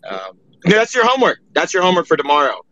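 A man's voice: on the high side, wildly swooping pitch, quick pace, bright, forceful tone. A man hosting a heated live audio chat, profane and mocking, with a lot of "uh" fillers. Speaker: space host. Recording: dry, dull lo-fi audio.

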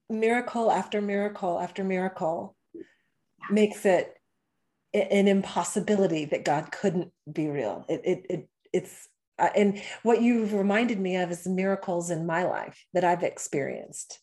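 A woman's voice: mid-range voice, a little slow, dark tone. A woman hosting an interview, reflecting aloud and searching for words. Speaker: podcast host.

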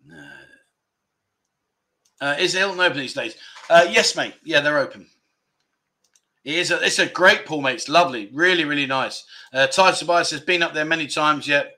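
This livestream host speaks at an ordinary speed, his fairly high voice expressive, pushed and bright. Running a laid-back stream, he reads viewers' guesses aloud and ribs the chat with jokes, peppering his banter with "mate" and "no."

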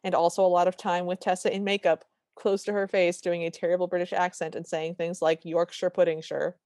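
A woman's voice: fairly low pitch, level tone, a little mellow, no echo, clean studio sound. A woman co-hosting a podcast, recapping a movie in casual chat and sarcastically acting out its lines. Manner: sarcastic, acts out dialogue in quick bits. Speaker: podcast co-host.

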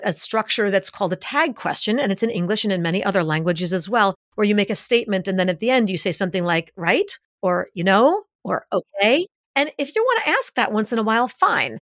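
Dry, lively-voiced woman expert guest. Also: medium pitch, no room sound. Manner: energetic, explanatory, acts out examples. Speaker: guest expert on leadership communication. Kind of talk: podcast interview.

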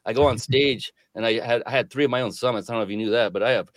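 A man's voice: mid-range voice, rapid-fire, no echo. A middle-aged man answering as a podcast guest, reflective and earnest with some hesitations. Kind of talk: casual interview conversation.

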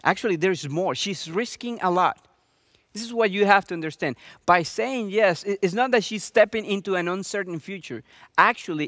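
A man's voice: high voice, a bit bright, no echo, clean studio sound. A man preaching a sermon with earnest energy and lots of rhetorical questions. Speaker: pastor.

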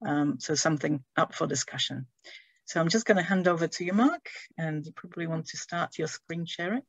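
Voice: mid-range voice, a little fast, husky, no room sound. A host opening an online event, with hesitant speech full of ums. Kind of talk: event introduction on a video call. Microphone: video call.

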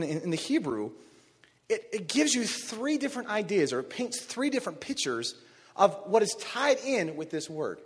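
A man preaching a sermon, telling a story with animated energy and rising to shouts on key phrases. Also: high voice, breathy edge. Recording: long reverb of a large hall.

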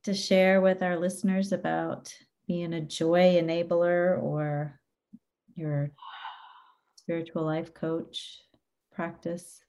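A woman hosting a podcast, speaking in a low-key, supportive way. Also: little pitch movement, slow pace, a little mellow. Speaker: podcast host. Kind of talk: conversational podcast interview.

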